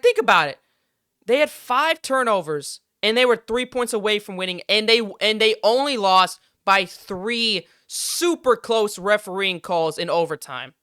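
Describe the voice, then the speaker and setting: A man's voice: sits high, sharp tone, clean tone, no room sound, studio quality. A young man hosting a sports podcast, ranting heatedly and with plenty of swearing. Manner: heated, profane, exasperated ranting. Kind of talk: casual sports rant.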